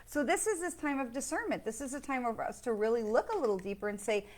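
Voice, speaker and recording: A middle-aged woman speaks in a fairly high voice, hosting a weekly spiritual talk. She is chatty and enthusiastic and keeps checking in with her listeners as she goes. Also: expressive, quick pace. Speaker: psychic medium hosting a weekly live. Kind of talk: casual spiritual talk with card readings.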